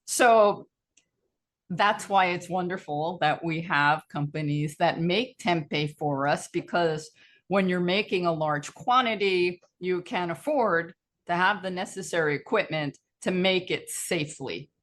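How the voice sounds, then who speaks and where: A woman with a somewhat low voice hosts a radio interview. She talks conversationally, drifting into side stories before steering back to her guest. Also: a little slow. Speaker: radio show host.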